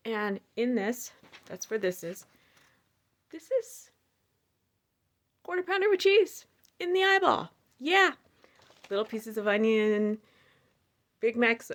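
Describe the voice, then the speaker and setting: Gravelly woman telling a storytime. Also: a little high. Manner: animated, with many fillers and asides to viewers. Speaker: storyteller sharing personal experiences. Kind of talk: casual storytime monologue.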